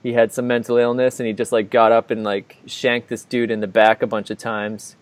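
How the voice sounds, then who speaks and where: A man tells a long story on a casual podcast, rambling and leaning on "like" in nearly every phrase. His voice sits at a middling pitch. The recording is dry and close, with no room echo. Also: flat delivery, a little fast. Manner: rambling, filler-heavy, full of "like". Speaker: podcast co-host. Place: living abroad in Ireland, recording indoors.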